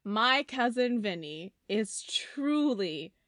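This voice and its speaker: A woman chatting on a podcast with a dry, close-miked sound and no room echo. Her humor is playful and deadpan, and her talk is sprinkled with fillers. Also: fairly high pitch, slow. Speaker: podcast co-host. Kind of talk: casual chat.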